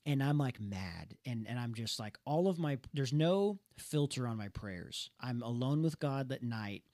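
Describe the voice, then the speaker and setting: A young man telling a personal story in a casual talk show, earnest and animated, stumbling and restarting as he goes. His voice sits at an ordinary middle pitch. The recording is dry and close. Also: unhurried, no room sound. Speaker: podcast co-host.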